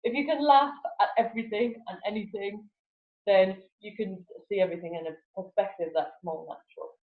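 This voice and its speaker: A laughter yoga teacher appears as a guest in a relaxed interview, her mid-range voice moving fairly quickly. She laughs frequently and puts on animated voices, while the sound is lo-fi, echoey, and phone-like.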